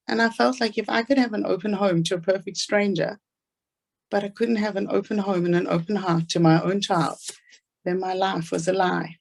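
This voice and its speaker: A woman's voice: mid-range voice, fairly even intonation, creaky. A woman with a South African accent giving an earnest, inspirational talk about her own life. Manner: earnest storytelling, fast asides. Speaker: speaker.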